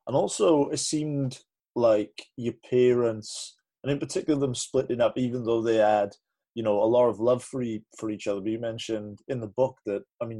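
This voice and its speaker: A man's voice: medium pitch, dark tone. A man interviewing an author, enthusiastic and thinking aloud as he frames his questions.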